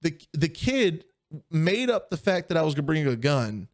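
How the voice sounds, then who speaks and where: A man's voice: a little high, very animated, normal speed. A young man co-hosting a podcast, telling a story in casual chat and acting out the people he quotes. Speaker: podcast co-host.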